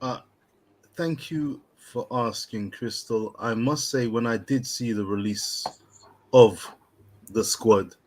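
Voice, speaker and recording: A man's voice: medium pitch, takes it slowly, darkish tone. A man co-hosting a casual live-stream chat, playful, wordy and theatrical. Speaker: co-host.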